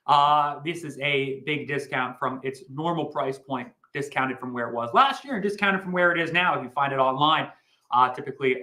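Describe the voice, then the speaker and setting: A man hosting a livestream, pitching comic books in a chatty, rambling way with jokey asides. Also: pushed and bright, roomy sound, rough recording. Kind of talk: casual sales pitch chat.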